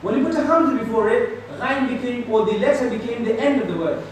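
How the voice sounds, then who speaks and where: A man's voice: very high voice, fast talker. A man teaching a class, patiently drilling students in call and response and explaining with simple words. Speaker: Quran teacher. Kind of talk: classroom tajweed lesson. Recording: echoey room from far off, crowd noise.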